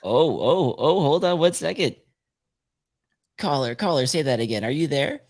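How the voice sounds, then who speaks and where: A man hosting a casual podcast, upbeat and quick to laugh as he takes calls. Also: on the high side, lively intonation, darkish tone. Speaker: podcast host.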